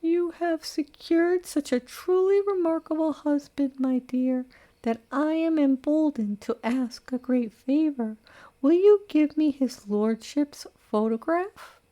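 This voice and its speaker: A woman's voice: high-pitched, slow pace, dark tone, pitched above the performer's own voice. A woman reading an audiobook, voicing a prim, disapproving older woman who sharply objects to her friend's marriage. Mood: bitter.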